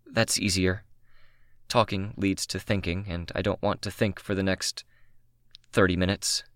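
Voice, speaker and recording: A man reading the lines of a shy, gentle young man, in a soft and breathy way. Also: deep voice, steady tone, a little slow, no echo, clean studio sound.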